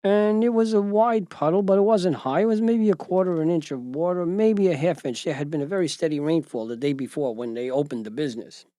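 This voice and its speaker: A man's voice: fairly high pitch, a little fast, few pauses, dark tone, no room sound. An older man, a retired judge hosting, telling an anecdote with wry, chuckling asides into a close mic. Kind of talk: storytelling anecdote.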